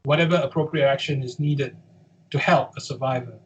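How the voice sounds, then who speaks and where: A man from the UK, a guest on an interview, speaking in a measured way and hedging with qualifiers and fillers. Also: mid-range voice, steady tone, poor audio. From United Kingdom. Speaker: guest, head of a survivor support group.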